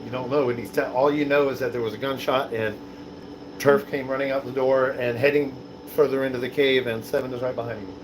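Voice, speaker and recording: A man running a tabletop game as dungeon master, narrating in a relaxed, rambling way with many fillers. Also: medium pitch, brisk, background noise.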